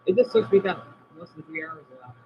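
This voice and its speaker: A man chatting casually on a live stream from home, answering viewers' comments and often trailing off quietly. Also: high voice, a little fast, noisy background. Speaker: livestream host reading chat. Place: indoors at home by a window. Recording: dull lo-fi stream audio.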